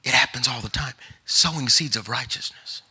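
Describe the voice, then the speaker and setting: A man's voice: mid-range voice, normal speed, pushed and bright, breathy edge. A middle-aged man preaching as an evangelist, telling stories and building to emphatic urging. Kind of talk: sermon. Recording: long hall reverb.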